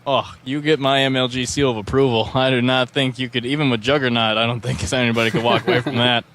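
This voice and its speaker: A man appears as a guest on a gaming podcast, speaking in an ordinary mid-range voice. He tells animated stories with a sarcastic edge. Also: medium pitch, fast talker, a little hiss or hum. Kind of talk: casual chat.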